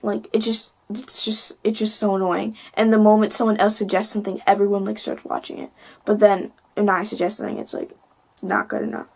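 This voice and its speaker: A teenage girl talks straight into her phone camera, venting with an exasperated, filler-heavy flow. Her mid-range voice carries a gravelly edge, and she often trails off quietly. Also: medium pitch, level tone, a little fast. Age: teens. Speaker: vlogger. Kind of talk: casual vlog monologue.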